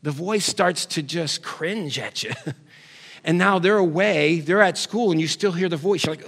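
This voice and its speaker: A man preaching a sermon, firing rhetorical questions at the congregation and swinging from loud calls to quiet, low asides, now and then putting on nagging family voices for laughs. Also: animated, normal speed. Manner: puts on nagging family voices for comic effect. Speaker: pastor.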